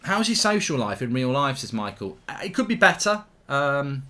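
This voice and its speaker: A man's voice: mid-range voice, sing-song, normal speed, pushed and bright. A middle-aged man hosting a football watchalong stream, rambling casually between match reactions and blunt rants. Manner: chatty, rambling, blunt, explodes into furious ranting.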